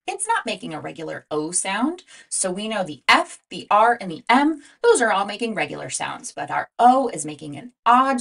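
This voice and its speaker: A woman's voice: mid-range voice, a bit bright. Lady doing a kids reading lesson, stretches out sounds, bouncy up and down voice. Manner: slow, drawn-out sounding of letters and words; sing-song prompting questions. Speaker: reading teacher. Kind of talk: phonics lesson for young children.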